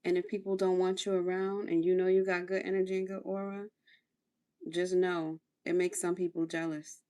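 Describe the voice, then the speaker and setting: A woman's voice: fairly low pitch, level tone, normal speed, mellow. A woman hosting a casual livestream, chatting through her skincare routine in a coaching tone and repeating phrases for emphasis. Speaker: livestream host.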